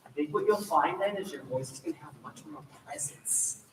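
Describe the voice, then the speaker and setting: A man directing a choir rehearsal, giving energetic coaching instructions and demonstrations to the singers. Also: fairly high pitch, a little fast, slight background noise. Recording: echoey room, mic far off, faint ambience.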